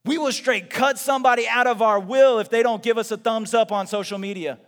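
A high-pitched male pastor preaches to his congregation, swinging from loud questions to quiet, confiding asides. His voice rings with a long reverb off the walls of a big church hall. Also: fairly even intonation, fairly quick. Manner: conversational preaching with rhetorical questions and acted-out quotes. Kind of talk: sermon.

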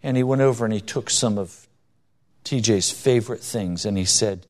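A man with a lowish, darkish voice preaches a sermon at normal speed, delivering it emphatically with rises and falls for stress. In his anecdotes he acts out the voices of the people he quotes.

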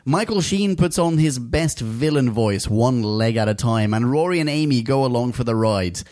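A man's voice: mid-range voice, normal speed, no room sound. Jokey male podcast host, dry close sound. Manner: jokey, giggly, reads listener mail in a lively voice. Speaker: podcast co-host reading listener reviews. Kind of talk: casual podcast chat and reading aloud.

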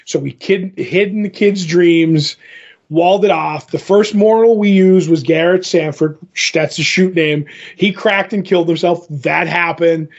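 A man's voice: a little high, measured pace, muffled recording. A man casually recapping a comic story, rambling with many fillers and restarts.

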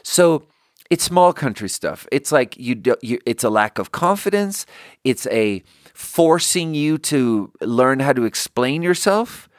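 A man's voice: medium pitch, expressive, a little slow, no echo, clean studio sound. A man hosting a casual comedic monologue, rambling with restarts, swearing freely and acting out the people he quotes. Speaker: podcast host.

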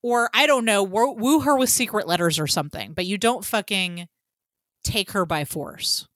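A woman's voice: medium pitch, animated, normal speed, fairly bright tone, no echo, studio quality. A woman co-hosting a podcast, talking casually and animatedly about a film and swearing freely. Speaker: podcast co-host. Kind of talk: casual film-review chat.

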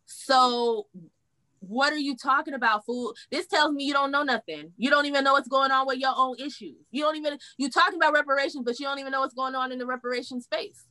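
A woman's voice: high-pitched, fast talker, pushed and bright. A woman hosting a political reaction stream, blunt and profane, speaking, getting heated and then pulling herself back. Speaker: reaction show host. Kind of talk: casual political commentary.

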